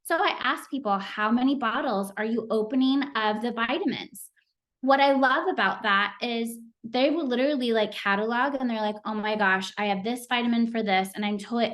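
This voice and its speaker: A middle-aged woman giving a motivational talk on a team call, earnest and chatty, with plenty of "like" and "um" fillers. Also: on the high side. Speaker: team leader speaking on a sales call.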